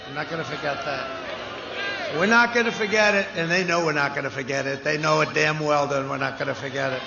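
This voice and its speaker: This rally speaker has a fairly high voice with vocal fry and talks quickly, boasting and rambling in repetitive riffs outdoors before a large audience. Cheering crowd noise fills the echoey, dull PA audio.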